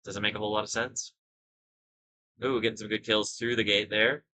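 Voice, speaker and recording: A man giving casual commentary over his own gameplay, thinking aloud as he goes. His voice sits low but rings bright and forceful. He drifts into rambling asides and corrects himself along the way. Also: level tone, normal speed, poor audio. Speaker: gaming video host.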